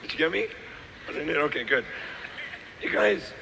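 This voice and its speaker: A middle-aged male pastor preaching a sermon, his voice hoarse and worn out, swinging between shouted lines and quiet asides. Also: on the high side, animated, moderate pace. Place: large hall with live audience. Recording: long hall reverb, faint noise.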